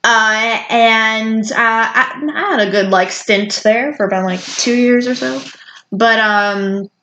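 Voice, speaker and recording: A young woman co-hosting a podcast, chatting casually and reacting with quick remarks. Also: on the high side, steady tone, sharp tone, roomy sound, slight background noise. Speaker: podcast co-host. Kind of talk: casual chat.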